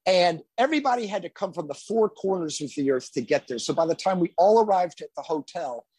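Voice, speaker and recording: A man, a guest musician, telling a road anecdote in a casual, animated storytelling manner. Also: high voice, fairly quick, slightly rough, dry recording.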